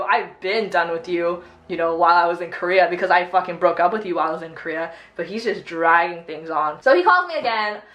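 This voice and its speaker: A woman's voice: medium pitch, fairly bright tone. Chatty young woman in an echoey room. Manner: chatty, swearing storytelling. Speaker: beauty vlogger. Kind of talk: casual get-ready-with-me chat.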